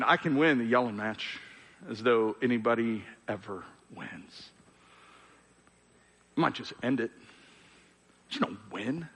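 Middle-aged guy pastor preaching, sharp bright voice, kinda high, lots of stammered restarts, big echoey church hall. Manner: earnest, conversational, stammers on restarts, rises to emphatic and drops to soft. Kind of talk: sermon. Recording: long hall reverb.

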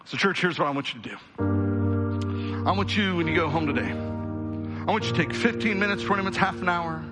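A man's voice: high voice, fast talker, loud music behind the voice. A male pastor preaching a sermon, talking straight to his congregation and building to fervent, rhythmic peaks before easing back into a conversational tone. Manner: builds to fervent rhythmic crescendos, then quiets; direct, conversational address to the congregation.

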